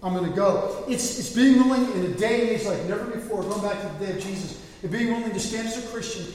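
A male pastor preaching earnestly, telling a story and often restarting his words. His voice sits high for a man and rings through a large echoey hall from a distance. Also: fast, darkish tone, a little hiss or hum. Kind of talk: sermon.

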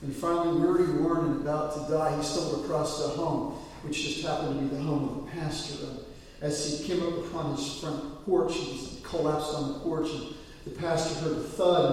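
Pastor preaching in an echoey hall. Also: male voice, on the high side, recorded from a distance, slight background noise. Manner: storytelling, swinging to loud excited peaks. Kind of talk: sermon. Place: church sanctuary. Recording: echoey hall, mic from afar.

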